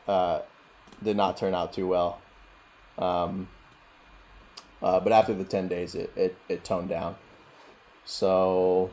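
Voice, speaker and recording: Low-voiced man teaching meditation. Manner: relaxed, rambling, laughs often. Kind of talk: casual teaching and Q&A. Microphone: video call.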